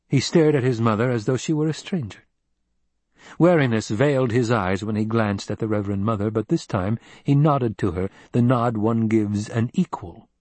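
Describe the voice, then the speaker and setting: Husky male audiobook narrator. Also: fairly low pitch, a little mellow, no room sound. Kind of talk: scripted narration.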